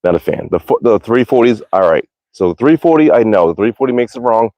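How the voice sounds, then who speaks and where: Rambling, profane man with a lowish voice. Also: sing-song, fast, warm tone, dry recording. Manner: rambling, profane, self-correcting. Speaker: archery live-streamer. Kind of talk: casual live-stream chat. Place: backyard outdoors.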